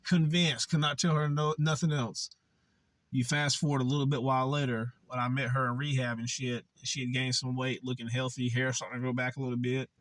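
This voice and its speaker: Young male vlogger, candid and profane storyteller, mid-pitched voice, dry recording. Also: flat delivery, a little fast, fairly bright tone, no echo. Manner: blunt, profane and conversational.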